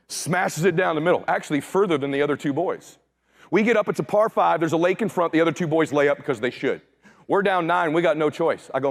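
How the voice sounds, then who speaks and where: A middle-aged man and motivational speaker who tells a story with animated energy, acts out the voices, and shouts for emphasis. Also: a little high, fast, creaky. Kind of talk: storytelling talk.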